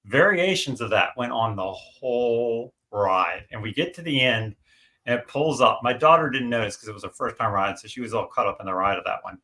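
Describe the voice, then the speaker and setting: Gravelly, bright-voiced man telling stories. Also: medium pitch, a little fast. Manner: chatty, animated storyteller, many fillers and restarts. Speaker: guest on a livestream. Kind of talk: casual chat, storytelling.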